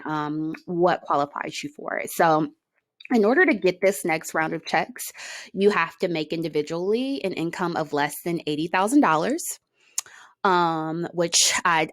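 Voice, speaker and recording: A woman's voice: fairly low pitch, no room sound. A woman giving casual commentary on a news story, emotional and outspoken, swearing freely. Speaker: commentary vlogger.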